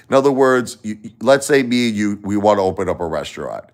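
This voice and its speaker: A middle-aged man with a Brooklyn accent chats on a casual livestream in a very low, deep voice. He rambles bluntly from one story to the next and swears freely. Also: lively intonation, quick pace, few pauses. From Brooklyn, New York. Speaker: livestream host and musician.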